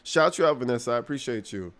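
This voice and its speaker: A man's voice: mid-range voice, animated, fast talker, a bit bright. A man streaming and reacting to a clip, talking in a crude, mocking, rambling way with lots of slang. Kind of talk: casual livestream commentary.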